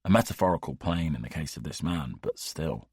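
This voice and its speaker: A man reading an audiobook in the first person, measured and wry. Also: rumbling low, lively intonation, darkish tone, husky, dry recording, clean studio sound. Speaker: audiobook narrator. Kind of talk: scripted audiobook narration.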